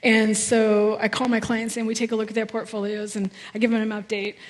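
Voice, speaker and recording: A woman's voice: a little high, little pitch movement, a little fast, big-room sound. A woman giving a sermon, telling a personal story in an earnest, heartfelt way. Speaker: guest preacher. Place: church sanctuary.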